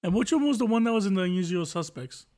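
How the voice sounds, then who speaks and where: A man's voice: sits high, expressive, quick pace, darkish tone. A man co-hosting a podcast, chatting casually in a rambling, jokey and profane way. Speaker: podcast co-host.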